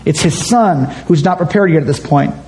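A man's voice: fairly high pitch, moderate pace, a little mellow, low-quality recording. A man preaching a conversational, emphatic sermon as a pastor, reading scripture aloud and acting out quotes.

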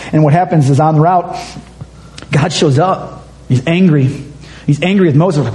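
Guy pastor giving a chatty sermon, kinda high voice but mellow, leans hard on the big points. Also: normal speed, pauses often, low-quality recording. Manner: conversational, emphatic, acts out quotes. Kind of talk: sermon with scripture reading.

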